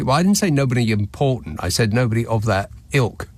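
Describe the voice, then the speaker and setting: A man's voice: on the low side, expressive, a little fast, hardly any pauses, dry recording. A man hosting a radio phone-in, talking in a dry, wry, conversational way. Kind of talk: radio talk show. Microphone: studio microphone.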